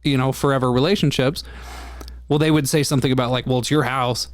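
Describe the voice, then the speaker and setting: A man's voice: medium pitch, steady tone, quick pace, dry recording, clean studio sound. A man co-hosting a podcast, telling a story in a candid casual chat and swearing freely. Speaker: podcast co-host.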